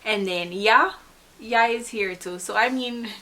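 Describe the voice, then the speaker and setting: A woman's voice: fairly high pitch, measured pace, pushed and bright, a little hiss or hum. A young woman from Jamaica with a Jamaican accent, talking to camera in a laid-back, chatty way and laughing at herself now and then. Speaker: vlogger. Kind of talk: casual explainer to camera.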